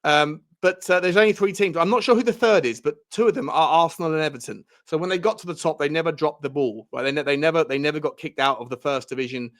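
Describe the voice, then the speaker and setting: A man's voice: fairly high pitch, fast, hardly any pauses, fairly bright tone. A man co-hosting a football podcast in casual chat, rambling, with many fillers and restarts.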